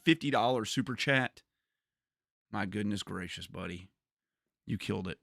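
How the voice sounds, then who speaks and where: A man's voice: fairly low pitch, normal speed, creaky, pauses often, no echo. Male gaming streamer, casual chat, dry close sound, repeats himself, laughs a lot. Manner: animated, repeats words and laughs often. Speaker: gaming livestreamer.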